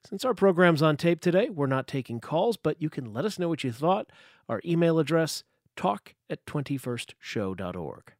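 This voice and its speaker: Male public radio host, animated pitch, dry studio sound, conversational questioner. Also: normal speed, dry recording. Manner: conversational, searching for words when asking questions. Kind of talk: public radio interview hosting.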